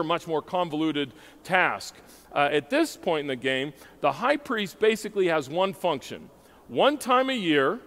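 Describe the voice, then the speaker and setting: A man preaching a sermon, emphatic and asking his listeners questions as he teaches. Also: high voice. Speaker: pastor. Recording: hall reverb.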